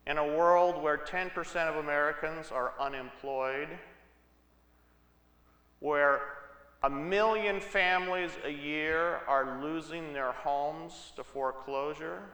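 A man's voice: on the high side, sharp tone. A man preaching a sermon, telling Bible stories in a conversational way with asides to the congregation. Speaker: pastor. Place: church sanctuary. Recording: echoey church hall.

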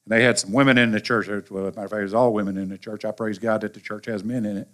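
A pastor with a Southern US accent preaching a sermon in a folksy, animated way with colloquial asides. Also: male voice, lowish voice, racing. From American South.

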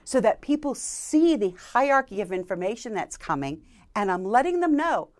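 A woman, a keynote speaker, giving interview advice in an animated, emphatic way. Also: a little fast. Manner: animated, emphatic delivery with lively pitch swings. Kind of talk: conversational interview, coaching tips.

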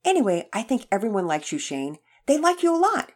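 A woman's voice: on the high side, sing-song, a little fast, voice pushed up. A woman doing an earnest young boy. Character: earnest young boy, eager to make amends. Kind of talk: storybook reading.

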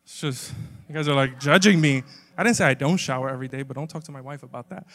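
Male stand-up comic, high-pitched, self-mocking, emphatic; reverberant venue sound. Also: fast talker. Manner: animated, self-mocking, rising to emphatic bursts. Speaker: stand-up comedian. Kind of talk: stand-up comedy set.

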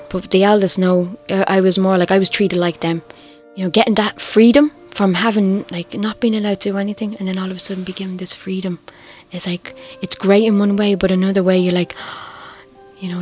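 A middle-aged Irish woman telling her own story, candid and reflective, quietly emotional. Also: fairly low pitch. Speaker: interviewee. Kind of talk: personal testimony. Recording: faint music underneath.

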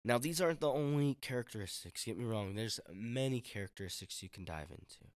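A man preaching a sermon to young people in a relaxed, conversational way, with casual slang and acted-out quotes. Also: mid-range voice, brisk, no room sound, clean studio sound. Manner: acts out quoted friends in voices.

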